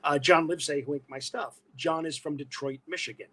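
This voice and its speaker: A man with a New York accent, originally from Brooklyn, guesting on a podcast and telling animated stories that slip into voices. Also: a little high, fairly quick, slightly rough. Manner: animated storyteller slipping into voices. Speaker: guest, illustrator and voice performer. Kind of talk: casual podcast interview.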